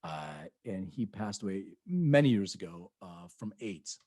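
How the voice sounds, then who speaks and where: A man's voice: low voice, sing-song, measured pace, dark tone, no echo. A man co-hosting a podcast, telling rambling anecdotes in casual chat, acting out quoted voices and laughing often. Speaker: podcast co-host.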